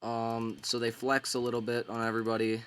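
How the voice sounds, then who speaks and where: A man's voice: mid-range voice, completely flat delivery, brisk, a bit bright, clean tone. A man casually retelling a book's story in a rambling, slangy way, full of filler words. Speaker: book summarizer.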